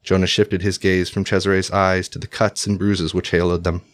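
A man narrating a historical story in a measured, formal audiobook style. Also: low voice, little pitch movement.

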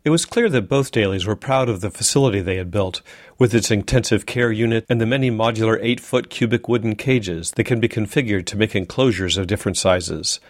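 A male community radio reporter reading a scripted news piece in a measured, careful way. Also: fairly low pitch, no room sound, clean studio sound. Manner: measured, reads slowly and carefully.

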